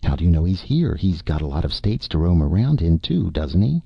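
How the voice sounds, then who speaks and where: A man's voice: deep voice, very animated, brisk, vocal fry, slightly rough, no room sound, full character voice. A man doing a probing barroom woman. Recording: muffled lo-fi recording.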